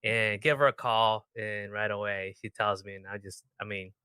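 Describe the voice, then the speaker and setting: A man hosting a podcast, telling stories in an animated, playful, casual way. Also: fairly low pitch, normal speed, clear, resonant tone, dry recording. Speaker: podcast host.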